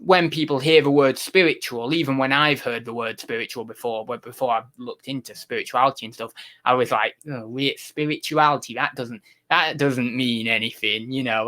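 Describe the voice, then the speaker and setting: A man's voice: mid-range voice, pushed and bright. A young man chatting casually on a livestream, rambling with many restarts and getting exasperated with his chat.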